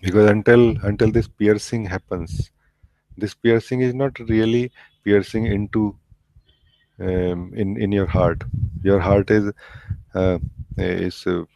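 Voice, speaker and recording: A man leading a satsang as spiritual teacher, speaking slowly and gently with many pauses and fillers over a video call. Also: on the low side, steady tone, gravelly, dry recording, rough recording. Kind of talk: satsang talk.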